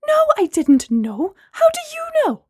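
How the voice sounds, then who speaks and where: A woman voicing a hurt young woman who bursts out in sharp, rising outbursts. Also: sits high, moderate pace, no echo, clean studio sound. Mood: upset.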